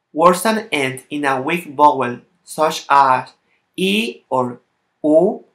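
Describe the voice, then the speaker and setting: Slow Latin American Spanish-accented male teacher. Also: on the high side, fairly bright tone. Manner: carefully sounds out example words one by one; slightly halting non-native English phrasing. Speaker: language teacher. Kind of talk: spoken language lesson.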